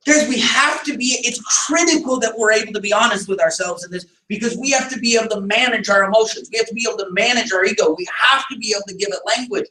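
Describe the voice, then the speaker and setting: A man with a very high, bright and forceful voice leads a team meeting in an echoey room, heard from some distance away. He pushes his points hard, asks rhetorical questions and answers them himself, and now and then raises his voice. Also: fast, few pauses. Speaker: business team leader. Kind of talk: motivational team meeting talk.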